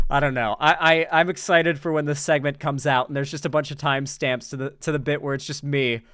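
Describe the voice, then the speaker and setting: A man's voice: a little high, steady tone, moderate pace, fairly bright tone, smooth, no room sound, clean studio sound. A man hosting casual political commentary, sarcastic and mocking as he reads out replies and laughs.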